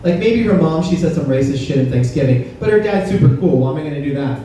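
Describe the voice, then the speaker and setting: A man's voice: on the high side, lively intonation, fast talker, warm tone. Man doing stand-up in an echoey club. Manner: conversational, crowd-teasing, punchy delivery. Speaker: stand-up comedian. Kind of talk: stand-up comedy set. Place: comedy club stage. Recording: roomy, distant club recording with faint noise.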